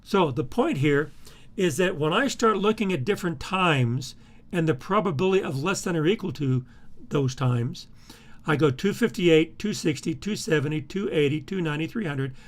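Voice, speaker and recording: A middle-aged man lecturing over a screen recording, pausing with "uh" and repeating words as he clicks through files. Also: fairly high pitch, animated. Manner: halting, repeats words and fills with uh while navigating files. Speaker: instructor.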